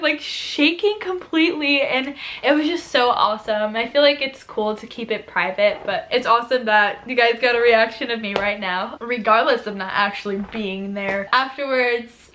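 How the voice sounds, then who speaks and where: A young woman vlogger telling a personal story in a chatty way, often laughing and tearing up as she talks. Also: on the high side. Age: young adult. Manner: tearful, laughing, breathless with excitement; chatty, many fillers like "like". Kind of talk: emotional storytime vlog.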